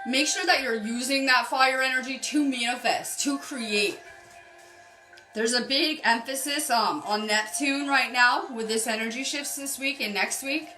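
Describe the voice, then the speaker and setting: A woman streaming a casual spiritual card reading, chatty and upbeat as she greets viewers by name. Her voice is bright and a little high. The room is echoey, with faint music playing behind her. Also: a little slow. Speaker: spiritual healer reading cards on a live stream.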